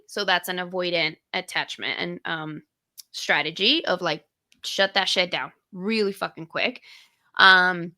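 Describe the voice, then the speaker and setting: Bright-voiced candid young woman. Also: lowish voice, measured pace. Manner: candid, swears casually, retells moments vividly. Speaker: podcast co-host. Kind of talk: casual conversation.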